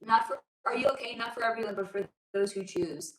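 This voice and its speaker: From home, a woman hosts a casual livestream, reading viewer comments aloud, calling people honey and sweetie, and swearing freely as her voice grows hoarse. She speaks briskly in a highish, fairly bright tone. There's slight background noise and a roomy echo.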